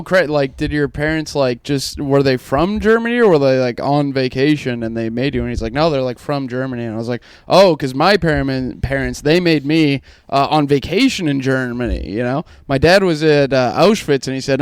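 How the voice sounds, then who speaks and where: Lively, laughing male comedian. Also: mid-range voice, moderate pace, hardly any pauses, clear, resonant tone, no echo, clean studio sound. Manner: storytelling, laughing between lines. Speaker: comedian and podcast co-host. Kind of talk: casual comedy podcast banter.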